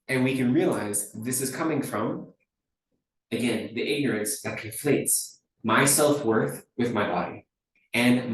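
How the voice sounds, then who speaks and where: A man's voice: medium pitch, a little hiss or hum. Man teaching in a very echoey hall. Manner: conversational, often checks in with "right?". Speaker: Buddhist teacher. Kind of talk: dharma teaching talk. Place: teaching hall at a dharma center. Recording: very echoey room, mic far off.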